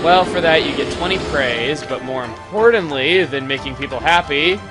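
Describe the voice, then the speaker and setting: A man giving casual, joking commentary over his gameplay, breaking into loud excited exclamations. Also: a little high, normal speed, few pauses. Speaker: let's play commentator. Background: game music.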